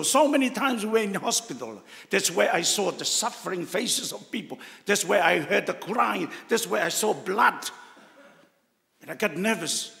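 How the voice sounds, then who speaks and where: Older male cleric, Tongan accent, gravelly, emotional testimony; reverberant hall. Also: a little high, fairly bright tone. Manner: emotional, heartfelt storytelling with pauses. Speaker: cardinal giving a talk. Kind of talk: personal testimony talk.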